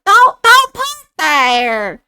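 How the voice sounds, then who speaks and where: A man voicing a shrill, indignant elderly woman neighbor who yells frantically from a window, as a comic impression in casual podcast chat. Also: wildly swooping pitch, extremely slow, no room sound, studio quality, exaggerated voice. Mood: shrieking.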